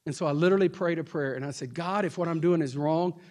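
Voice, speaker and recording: Laughing pastor telling a story. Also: male voice, fairly high pitch, fast talker. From Texas. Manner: lively storyteller, laughing often, acting out other voices. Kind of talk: storytelling talk.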